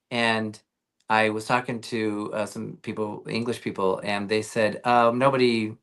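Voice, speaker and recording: This man's voice is on the low side with a fairly bright tone. Appearing as a guest actor in a casual video-call interview, he tells rambling stories full of fillers and restarts.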